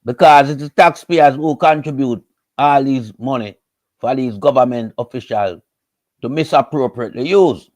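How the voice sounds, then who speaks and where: A man with a Jamaican accent giving measured but indignant political commentary and stressing his points. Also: on the high side.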